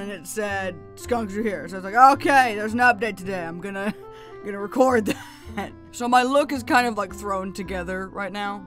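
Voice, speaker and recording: A woman giving casual gameplay commentary, chatty and excitable with frequent laughs, her voice still groggy and lower than usual from just waking up. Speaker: gaming YouTuber.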